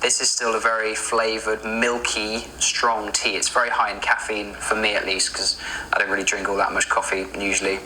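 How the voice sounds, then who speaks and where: A man's voice: fairly low pitch, flat delivery, brisk, sharp tone, a little hiss or hum, rough recording. A man from the United Kingdom in a casual explainer video, friendly and spelling words out as he teaches. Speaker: YouTuber teaching Arabic words.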